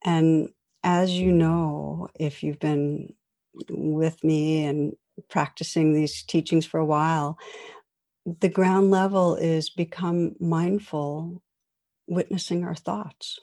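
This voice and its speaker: A woman meditation teacher gives a dharma talk in a warm, mellow voice. She guides listeners gently and without hurry, leaving soft pauses between her invitations. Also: deep voice, fairly even intonation.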